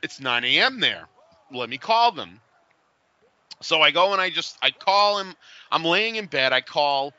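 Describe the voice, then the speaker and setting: A man in his forties with a very bright, forward voice and a slightly high pitch for a man, telling a story in a lively, animated way and acting out the voices in it. The recording is dry and a little dull, like home podcast audio. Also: measured pace, dry recording. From Boston area. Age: 40s. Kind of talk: casual chat, storytelling.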